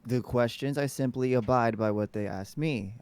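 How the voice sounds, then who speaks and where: A man's voice: mid-range voice, moderate pace, a little mellow, clean tone, no echo. A man playing his character in a tabletop game, speaking in a stiff, formal way. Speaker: player. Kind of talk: in-character tabletop role-play.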